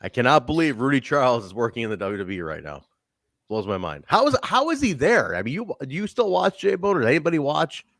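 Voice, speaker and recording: Podcast host guy, laughs a lot, bouncy pitch, dry close sound. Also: fast, creaky, no room sound. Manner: animated, laughs often. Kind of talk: casual chat.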